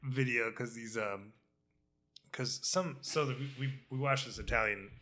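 A man with a strikingly bright, forward tone chats on a casual podcast. He rambles through stories with lots of fillers, restarts and casual swearing, at a middling pitch. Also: measured pace. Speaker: podcast co-host. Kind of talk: casual chat.

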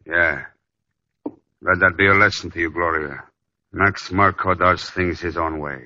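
Brief: a low, sneering radio gangster, menacing and smug, bright edge, dull old radio sound. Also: male voice, fairly even intonation, measured pace, heavily acted. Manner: sneering, threatening. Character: menacing male gangster loan shark. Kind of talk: 1940s radio acting.

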